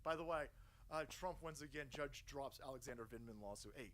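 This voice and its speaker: A man's voice: mid-range voice, fairly quick, fairly bright tone, slight background noise, low-quality recording. A man in his thirties streaming a profane political rant, mocking and sarcastic, swearing constantly. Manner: puts on voices to mock people.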